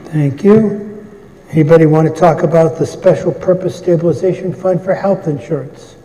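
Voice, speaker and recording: Mellow-voiced man moderating a meeting. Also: a little high. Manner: brisk, procedural, light asides. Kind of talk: running a public meeting. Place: large meeting hall. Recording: echoey hall with long reverb.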